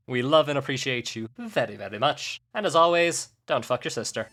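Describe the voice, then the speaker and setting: A man's voice: medium pitch, lively intonation, fairly quick, bright, forceful tone. A man co-hosting a podcast in casual comedic chat, joking and improvising sing-song ditties. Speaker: podcast co-host.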